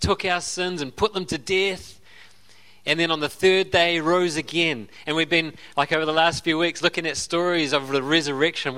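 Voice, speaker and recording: A man's voice: on the high side, pushed and bright. A man with an Australian accent preaching a sermon as a pastor, telling the story conversationally with asides and laughs.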